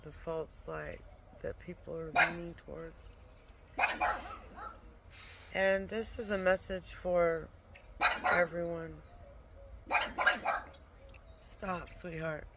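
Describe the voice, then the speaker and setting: A sleep-deprived vlogger speaks slowly with long pauses, their mid-range voice gravelly and fairly even in intonation. They ramble casually about spiritual visions from home, a pet dog nearby, swearing often and sometimes slipping into a whisper, all in a noisy home recording.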